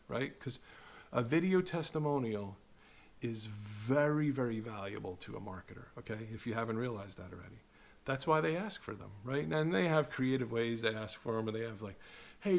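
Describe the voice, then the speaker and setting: Sarcastic man ranting to camera. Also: medium pitch. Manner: animated, sarcastic, mocks marketers in put-on voices; repeats "right?" to the viewer. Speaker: online video host. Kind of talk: casual talking-head commentary.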